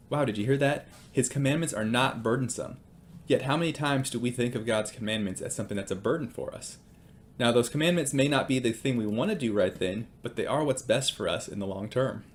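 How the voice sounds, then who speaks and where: A man's voice: mid-range voice, a little hiss or hum. A man and father giving casual devotional teaching with personal stories, hesitant and full of ums and uhs.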